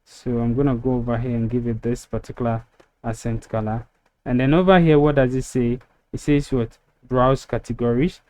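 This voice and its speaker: A man walking through a website-building tutorial step by step, relaxed and filler-heavy, recorded on a desktop mic over a screen recording. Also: medium pitch, moderate pace, no echo. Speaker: web design tutor.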